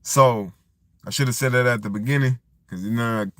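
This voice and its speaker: A man's voice: mid-range voice, moderate pace, a bit bright, dry recording. A man talking in a loose, rambling vlog monologue, circling back and restarting his thoughts as he goes. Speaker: vlogger. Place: tent.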